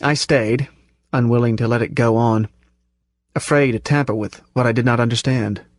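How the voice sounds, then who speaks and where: A man narrating a first-person story in a measured, tense manner. His voice is mid-pitched and the recording is close and completely dry, with no room around it. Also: steady tone, no echo. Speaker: audiobook narrator.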